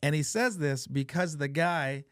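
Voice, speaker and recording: A man hosting a podcast, telling funny family stories in a casual, profane, animated way. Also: fairly high pitch, measured pace, clean tone, no echo, studio quality. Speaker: podcast host. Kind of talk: casual chat, storytelling.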